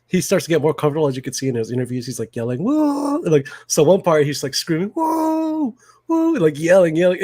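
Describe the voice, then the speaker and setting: A man talking casually about a movie, laughing easily and slipping into voices to quote scenes. His pitch sits in a middle range. The sound is dry and close. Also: a little mellow, no room sound. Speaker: podcast co-host.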